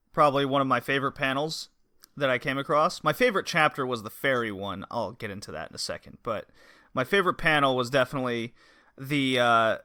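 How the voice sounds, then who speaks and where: Man, podcast co-host, casual chat, bright tone, dry sound. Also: mid-range voice, dry recording. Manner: animated, laughing, acts out quotes.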